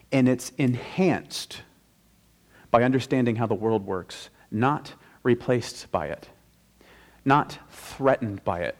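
A male pastor giving a conversational sermon, stressing key phrases slowly and emphatically. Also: mid-range voice, darkish tone.

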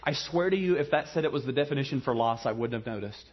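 A man from Ohio preaching a sermon, mixing humorous storytelling with quiet, earnest passages. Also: medium pitch, animated, fast, breathy edge, lo-fi sound. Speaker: pastor.

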